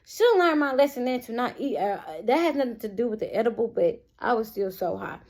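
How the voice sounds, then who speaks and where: A young woman telling a storytime vlog, animated and constantly addressing her viewers directly. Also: fairly high pitch, fairly quick. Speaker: vlogger.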